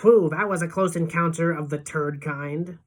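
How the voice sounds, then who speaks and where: A woman voicing a small, brainy, excitable boy in a novel read aloud, with gleeful, shrieking outbursts. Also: low voice, moderate pace. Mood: joking.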